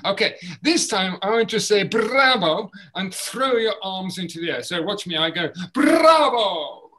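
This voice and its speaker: A man leading a group voice exercise session over a video call, encouraging and demonstrating sounds with loud bursts. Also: high-pitched, normal speed, poor audio. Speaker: voice and movement workshop leader.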